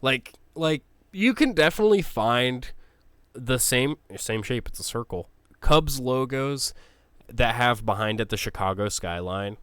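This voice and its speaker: A man's voice: mid-range voice, a bit bright, smooth, no echo. A man giving casual, opinionated commentary, ranting bluntly with swearing and frequent restarts. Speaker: sports logo ranker.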